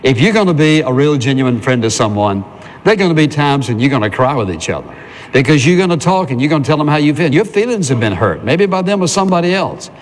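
A man's voice: fairly high pitch, very animated, quick pace, in a large hall. A male pastor preaching a sermon in a conversational way, asking the congregation questions and answering them himself.

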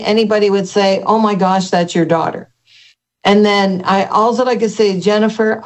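An older woman, a guest in an interview, telling her personal testimony in an earnest, halting way with many restarts. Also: mid-range voice, a little mellow.

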